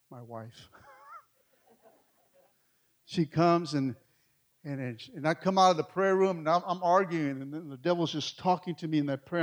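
A middle-aged male pastor, telling a story in a sermon, swinging between hushed and loud. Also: a little high.

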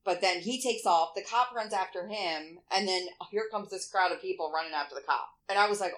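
A woman co-hosts a podcast at a middle pitch. She rambles with plenty of fillers, gets animated and swears casually. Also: fairly quick, hardly any pauses, low-quality recording. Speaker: podcast co-host. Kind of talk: casual chat.

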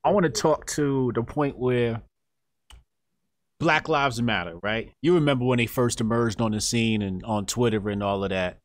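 Dude making his points on a podcast, normal pitch, dry close mic. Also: moderate pace, no echo. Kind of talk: casual podcast talk.

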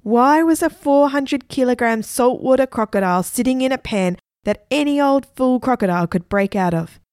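A woman narrating a children's storybook with lively, expressive delivery. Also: high voice, normal speed, dry recording, clean studio sound. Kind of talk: storybook reading.

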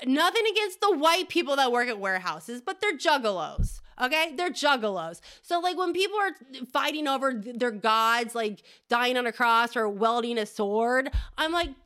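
A woman's voice: sits high, lively intonation, moderate pace, hardly any pauses, a bit bright. A woman podcast host doing a rambling, crude comedic monologue, often tagging "okay?".

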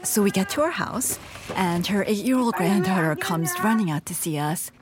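A woman's voice: mid-range voice, lively intonation, normal speed, over a noisy crowd. A woman in her thirties telling her own story as a radio reporter in a chatty way, full of "like" and restarts. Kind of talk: casual storytelling.

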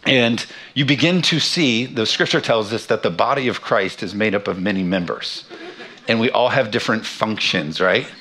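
A pastor in his thirties delivers a sermon in church, weaving in a humorous, self-deprecating story about his family. His voice sits somewhat low but carries a bright, forceful edge. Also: animated, normal speed. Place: church sanctuary.

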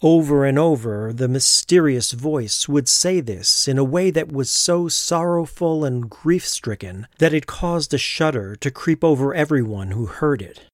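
A man narrating a scripted ghost story with measured, even delivery. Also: mid-range voice, no echo, clean studio sound.

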